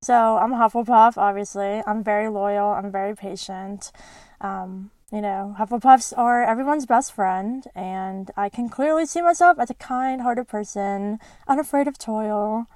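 A woman's voice: medium pitch, unhurried, darkish tone, no room sound. A young woman hosting a podcast, recapping a book in a bubbly, giggly way. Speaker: podcast host. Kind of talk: casual chat retelling a book.

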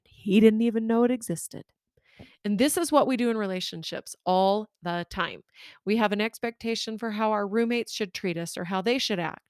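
A woman coach talks listeners through everyday relationship advice in a relaxed, conversational tone. Her delivery is expressive and candid, speaking straight to the audience, with a mid-range voice. The sound is dry and close, with no room echo. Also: mid-range voice, normal speed. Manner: expressive, candid storytelling with direct address to listeners. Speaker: life coach and podcast host.

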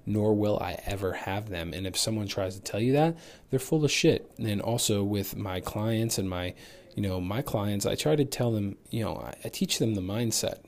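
Man, lowish voice, fitness coach, solo podcast, casual and motivational, a bit profane, recovering from sickness. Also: normal speed. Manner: candid, motivational, loose and profane. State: recovering from illness.

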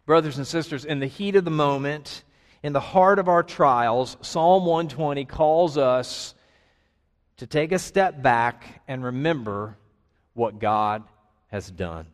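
A man preaching a sermon to his congregation, earnest, with dramatic pauses and rising emphasis. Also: mid-range voice. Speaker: pastor. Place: church sanctuary. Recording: long hall reverb.

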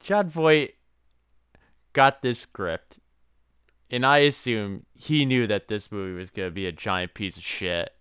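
A man's voice: on the low side, measured pace, a bit bright, clean tone, dry recording, studio quality. A man co-hosting a podcast in casual chat, joking around and laughing often. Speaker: podcast co-host.

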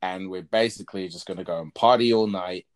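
A man's voice: deep voice, a little fast. A man in his twenties co-hosting a podcast, talking frankly and explicitly in a loose, rambling way. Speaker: podcast co-host. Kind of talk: casual chat.

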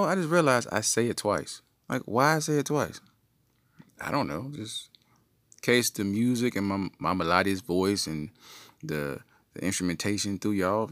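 A man's voice: sits low, a bit bright, dry recording, clean studio sound. A man hosting a comedy podcast, rambling through playful made-up stories. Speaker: podcast host.

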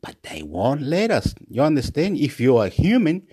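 Guy rambling on his vlog, super up and down voice, gets all excited n laughs at his own stuff. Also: moderate pace, husky. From Australia. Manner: rambling, excitable, laughs at himself, shifts pitch a lot. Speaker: vlogger.

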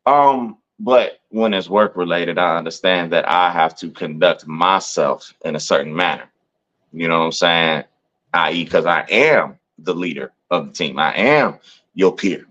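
A man with a very low voice tells a story on a podcast in loose, casual chat. He keeps checking in with his listener and jumps into higher voices to quote other people. The sound is dull and lo-fi. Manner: animated, acts out quoted voices in a higher pitch; peppers talk with "you know what I'm saying". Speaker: podcast co-host.

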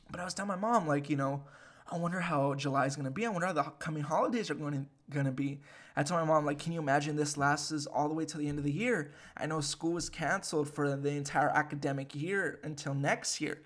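A young man in his twenties from the United States, ranting casually and excitedly, swearing often and using lots of fillers. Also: fairly high pitch. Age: 20s. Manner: animated and profane, with frequent fillers. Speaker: podcast host.

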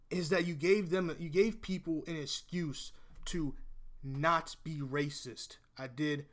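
A man's voice: a little high, fairly bright tone. Blunt, swearing man ranting to camera. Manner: emphatic, blunt, swears freely; repeats and restarts phrases while arguing. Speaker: vlogger. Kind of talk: opinion rant to camera.

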